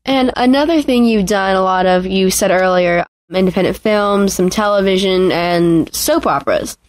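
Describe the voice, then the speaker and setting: A woman hosting a podcast interview asks her questions in a steady, mid-pitched voice. She keeps the talk moving with short, encouraging affirmations. The recording is dry, with little room sound. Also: moderate pace, no room sound.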